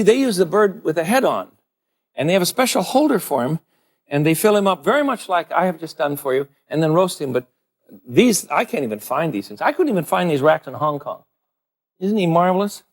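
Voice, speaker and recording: A male TV cooking host demonstrating a recipe in a chatty, playful way, always speaking to the viewer. His voice sits fairly high for a man. His pitch swings widely and expressively.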